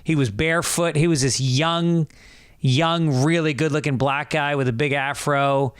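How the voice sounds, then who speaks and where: A man's voice: a little high, fairly even intonation, measured pace, smooth, dry recording, studio quality. A man hosting a podcast, telling a rambling, profane anecdote in a casual way. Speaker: podcast host. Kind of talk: casual storytelling monologue.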